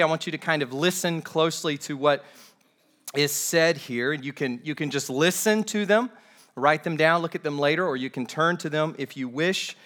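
A male pastor leading a prayer and preaching at a morning church service, with a measured, earnest delivery and frequent repeated words. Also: a little high, fairly bright tone. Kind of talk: sermon with opening prayer.

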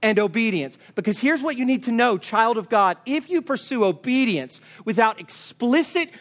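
A man's voice: extremely high pitch, lively intonation, moderate pace, fairly bright tone. A man preaching a sermon, emphatic and urging, asking his listeners question after question. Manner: emphatic, urging, asks repeated rhetorical questions. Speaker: pastor.

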